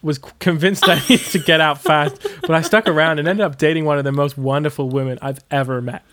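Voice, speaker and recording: A slurry, drunk-sounding voice with an accent that drifts between places, as a man puts it on to read a comment. It sits fairly high and comes over a faint background hiss. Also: fast talker, lightly acted. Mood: mock-earnest.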